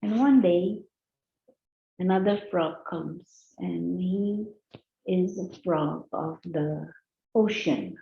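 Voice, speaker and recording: A woman meditation teacher giving a guided meditation talk, telling a story in a gentle, unhurried way. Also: fairly low pitch, vocal fry. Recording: roomy, slightly dull recording.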